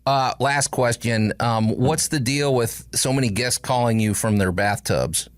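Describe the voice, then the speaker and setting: A man's voice: medium pitch, unhurried, no echo. A man hosting an interview, asking curious, loose questions with easy laughter. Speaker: podcast host, interviewer. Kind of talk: casual interview chat.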